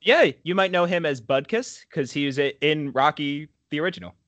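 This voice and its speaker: A man's voice: fairly high pitch, animated, a bit bright, no echo, lo-fi sound. A man hosting a comedic movie podcast, chatting casually and cracking jokes. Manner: jokey, prone to quick put-on voices and laughter. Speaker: podcast host.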